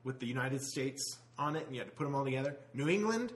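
A man's voice: medium pitch, fast. A man co-hosting a casual podcast, joking and swearing as he riffs with his friends. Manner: joking, profane, animated. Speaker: podcast co-host. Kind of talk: casual chat.

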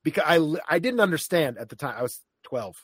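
Male podcast co-host, halting storyteller, tight dry sound. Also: a little high, very animated, fairly bright tone, husky, dry recording. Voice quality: hesitant, many restarts and self-deprecating asides. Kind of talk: candid casual chat.

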